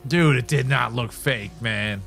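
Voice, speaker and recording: A younger man co-hosting a podcast in casual chat, excitable, peppering his lines with "bro" and "man.". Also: medium pitch, unhurried, vocal fry, soft background music. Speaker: podcast co-host.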